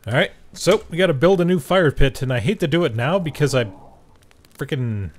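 Young guy playing a survival game, super expressive voice swinging all over, chatty and jokey, yells when something jumps him. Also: on the high side, brisk, slight background noise. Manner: chatty, jokey, talks to the game's characters; reacts loudly and shrieks when startled. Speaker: gaming video host. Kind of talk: casual let's-play commentary.

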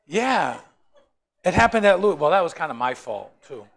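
A man's voice: fairly high pitch, sing-song, moderate pace, vocal fry. A man teaching a Bible study in a joking, storytelling way, often asking the group questions.

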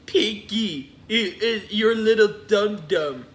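A man's voice: sits high, slow. A man hosting a reaction video, teasing and giggling in casual commentary. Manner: teasing, giggly, jumps between mock voices.

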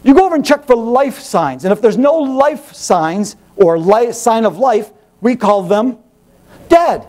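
A male pastor preaching a sermon in an animated, rhetorical way, firing questions at the congregation. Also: very high voice, a little slow, few pauses.

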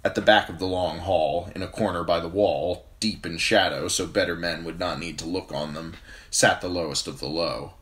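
Low-voiced male hobby reader, steady fantasy narration. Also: moderate pace. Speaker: amateur audiobook reader. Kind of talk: reading a fantasy novel aloud.

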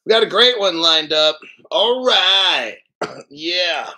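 Man, crypto livestream host, high voice, ranting, cursing, slightly out of breath. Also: lively intonation, slow pace. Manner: loud, profane, ranting, swings from mumbling asides to shouting. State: a little out of breath. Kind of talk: casual profane livestream rant.

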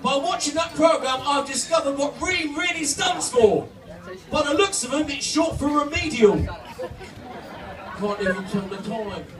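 A man doing live stand-up comedy, loud and punchy, shouting to reach the crowd. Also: very high-pitched. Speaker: comedian and impressionist. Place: holiday park entertainment stage. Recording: echoey room, from far off, music and crowd.

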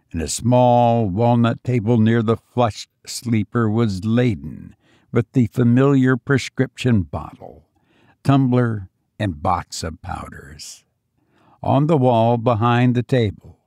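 Man, narrator, slow, lively pitch, dry close recording, storybook reading. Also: no room sound. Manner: measured, expressive storytelling. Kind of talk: scripted narration of a classic story.

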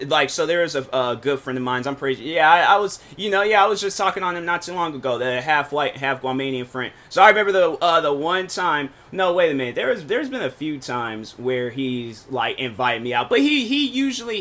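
Bright-voiced man ranting casually. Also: fairly high pitch. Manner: rambling, repetitive, frustrated, with slang. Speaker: storytime vlogger. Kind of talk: casual storytime rant.

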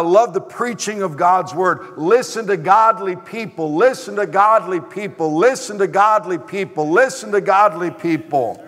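A male pastor preaching a sermon, animated and emphatic, repeating his exhortations. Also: sits high. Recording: echoey hall.

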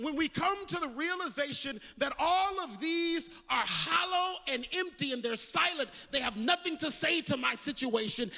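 A man preaching a sermon as pastor, repeating words as he builds and swinging from loud calls to hushed quotes. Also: very high voice, gravelly, long reverb tail.

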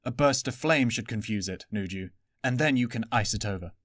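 A man's voice: lowish voice, fairly quick, dry recording, studio quality, close to an everyday voice. A man voicing a decisive male fire warrior who leads a team and gives firm orders. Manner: firm, commanding.

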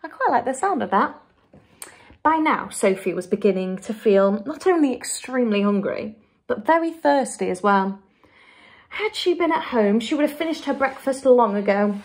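An English schoolteacher reads a children's chapter book aloud to her class. Her voice sits a little high and moves lively up and down, clear and expressive in its storytelling. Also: moderate pace. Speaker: primary school teacher.

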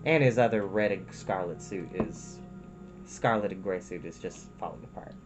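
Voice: sits low, normal speed, over music, poor audio. A storyteller reading a chapter book aloud, breaking off for chatty, folksy asides to listeners.

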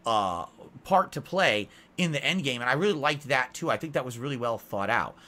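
A man's voice: mid-range voice, expressive, normal speed, bright, forceful tone. A man giving a rambling, unscripted movie review, repeating himself as he goes. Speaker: video reviewer.

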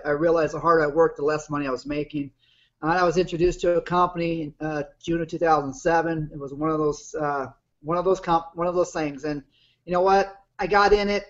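A man in his fifties telling his personal story on a webinar in a plain-spoken, rambling way. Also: a little high. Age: 50s. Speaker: guest business partner. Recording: muffled lo-fi video call audio.

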